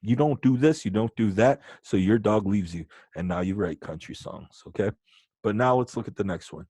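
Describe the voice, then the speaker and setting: A male teacher with a lowish voice runs a lesson, joking around and talking right to his students. The sound is close and dry, with no room echo. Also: moderate pace, breathy edge. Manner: joking, animated, talks to students directly. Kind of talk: playful online lesson.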